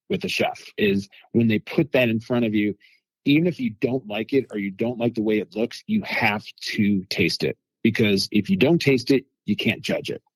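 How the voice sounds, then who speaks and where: A man telling lively food anecdotes as a guest in a casual interview, acting out quotes from people he met. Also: fairly low pitch, no echo. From United States. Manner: animated anecdotes with quoted voices.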